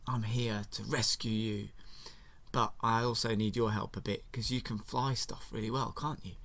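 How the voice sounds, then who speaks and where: A man's voice: fairly low pitch, steady tone, a bit bright. A man voicing a cocky, upbeat starfighter pilot in a storytime retelling. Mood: breezy. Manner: brisk, encouraging.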